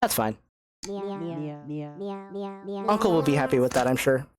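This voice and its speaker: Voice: medium pitch, animated, fast. A young adult game streamer in casual let's-play chat, self-mocking, often stammering and swearing. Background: faint game music.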